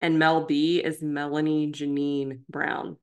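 A woman co-hosting a podcast in casual chat, teasing and quick to laugh. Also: sits low, little pitch movement, darkish tone. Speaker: podcast co-host.

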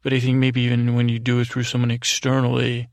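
A man's voice: medium pitch, completely flat delivery, fast, no room sound. A man hosting a podcast, thanking listeners one by one in a loose, rambling way, correcting himself and adding jokey asides. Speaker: podcast host. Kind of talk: casual thank-yous to listeners. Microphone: close studio mic, alone.

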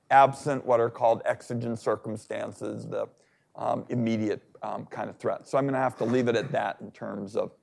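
A man's voice: mid-range voice, gravelly, darkish tone. A man speaking as a senator on a public panel, talking in an emphatic, insistent way. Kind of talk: panel discussion.

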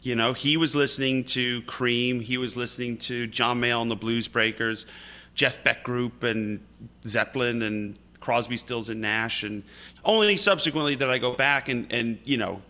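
A man's voice: medium pitch, normal speed, bright, forceful tone. A man from upstate New York, a guest musician chatting in an interview and telling anecdotes with frequent restarts. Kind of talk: casual interview chat.

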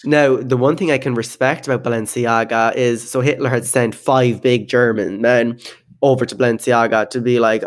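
A man's voice: mid-range voice, fairly even intonation, moderate pace. A man co-hosting a podcast in casual chat, talking loosely with many fillers and frequent laughs. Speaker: podcast co-host.

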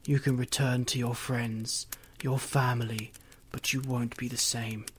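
A man voicing a mysterious disembodied voice that speaks slowly and calmly. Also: a little hiss or hum, lightly acted. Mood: solemn. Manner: slow, measured and low. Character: mysterious disembodied voice, calm and otherworldly.

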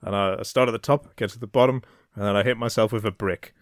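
A man co-hosting a casual comedy podcast, telling dry deadpan jokes. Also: lowish voice, fast, no echo. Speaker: podcast co-host.

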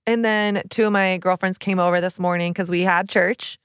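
At a normal pace, a woman in her thirties with a lowish, smooth, fairly bright voice and fairly even intonation speaks in an earnest, open, confessional manner. She's a podcast host and relationship coach who uses many "like" fillers. The recording is dry and studio quality.

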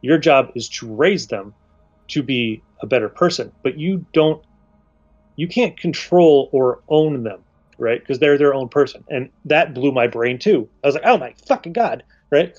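A man talks through a comic page in casual podcast chat, earnest and reflective at a medium pitch. He halts and restarts as he searches for words. The recording is slightly dull and muffled, as if through a cheaper mic. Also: unhurried, darkish tone. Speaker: comic book podcast co-host.

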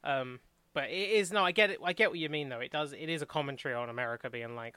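Bright, crisp young man chatting. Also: fairly high pitch, no room sound. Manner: laughs often, acts out characters in quick mocking voices. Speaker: podcast co-host. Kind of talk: casual chat.

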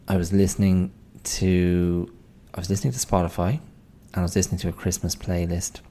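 A man's voice: low-pitched, vocal fry, mellow. An Irish man hosting a podcast, telling a story in a wry, exasperated casual monologue. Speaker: podcast host. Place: indoors at home, late night.

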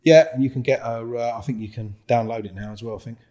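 A man's voice: mid-range voice, fast. A man with a London accent, a guest on a podcast, telling a story with acted-out dialogue and frequent swearing. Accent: London English. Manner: animated storyteller, acts out dialogue, swears freely.

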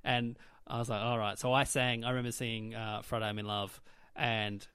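A man's voice: lowish voice, flat delivery, a little fast, a bit bright, clean tone, dry recording. Aussie guy comedian rambling thru stories, lots of "like", dry close mic. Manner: chatty anecdotal storyteller, lots of likes. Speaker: guest comedian. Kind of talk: casual podcast chat.

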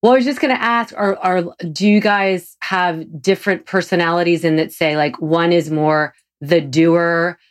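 A woman in her forties hosts a relaxed chat, and her voice sits low in its usual range. She gushes freely and her pitch jumps high when something delights her. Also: moderate pace, few pauses. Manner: effusive, gushing, with pitch leaps. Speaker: podcast host. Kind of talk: casual interview chat.

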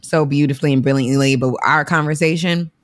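A woman in her thirties, a podcast guest, talking in an animated, emphatic, slangy way in a casual interview. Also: deep voice, brisk, no echo. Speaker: podcast guest, on-air talent.

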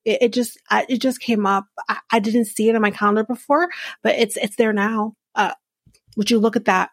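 A woman's voice: fairly high pitch, steady tone, a little fast, dry recording. Woman doing a dopey, evasive guy who stammers and stalls, fake confused, in a dry room. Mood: playing dumb. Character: evasive man playing dumb, stammering.

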